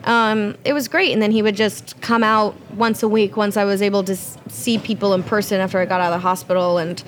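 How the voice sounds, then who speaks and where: A woman's voice: mid-range voice, a little fast. A young woman, a dinner guest, chatting casually and acting out what people said as she tells a story. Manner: animated storyteller who acts out what others said. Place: restaurant.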